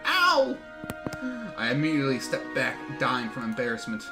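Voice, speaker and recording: A man streaming a game, reading its story text aloud in an excitable way, often swearing and laughing. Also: medium pitch, normal speed, over music.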